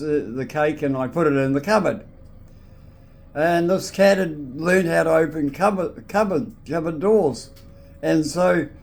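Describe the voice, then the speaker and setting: A man's voice: on the high side, darkish tone. A man telling a casual anecdote, rambling with restarts and frequent "so anyway".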